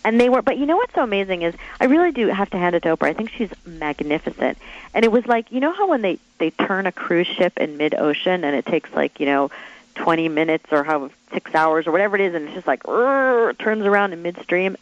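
A woman author being interviewed, telling stories in an animated, chatty way with quick asides and acted-out quotes. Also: on the low side, dry recording, muffled recording. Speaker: author guest. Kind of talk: interview storytelling.

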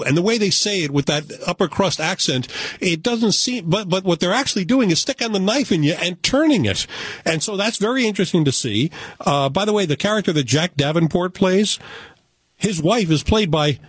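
American male film critic, animated and opinionated, casual chat, dry close mic. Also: sits high, a little fast, husky, no echo. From United States.

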